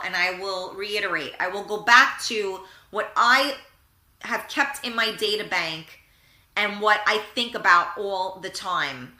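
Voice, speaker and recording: A woman hosts a live internet radio show, giving a frank, animated motivational talk on positive thinking and reading out listener comments. Her voice is medium-pitched in an echoey room, and she acts out little scenes.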